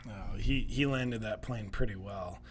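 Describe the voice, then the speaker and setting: A man's voice: lowish voice, measured pace, heavy background noise. A male podcast host giving sarcastic political commentary in a mocking, wry manner. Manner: mocking, wry, breaks into laughter.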